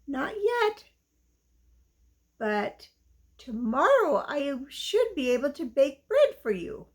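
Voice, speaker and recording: A woman's voice: high voice, very animated, slow pace, heavily acted. A woman voicing a tired, hardworking mother hen in a children's story, speaking patiently.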